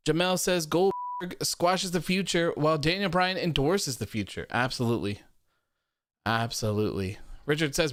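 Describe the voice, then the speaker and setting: Smooth-voiced guy hosting a wrestling chat. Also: mid-range voice, moderate pace, fairly bright tone, dry recording, clean studio sound. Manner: loose, repetitive, laughs often. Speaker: podcast host. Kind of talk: casual post-show chat reading viewer comments.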